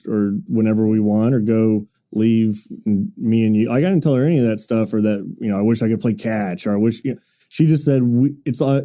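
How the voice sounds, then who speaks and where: A man in his thirties on a podcast, telling a personal story in halting, earnest bursts with frequent restarts. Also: medium pitch, mellow. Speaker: podcast co-host. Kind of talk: casual podcast chat.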